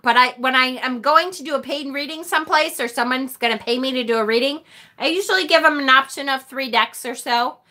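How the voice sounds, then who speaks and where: A woman's voice: sits high, fairly quick, sharp tone. A woman hosting a live tarot stream, talking casually and animatedly with the occasional mild swear.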